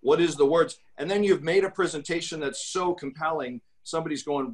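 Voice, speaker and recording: A man's voice: fast talker, hardly any pauses, rough recording. Emphatic salesman talking shop. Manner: pitches his talk with emphatic, salesy energy. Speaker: guest speaker. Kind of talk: casual podcast talk.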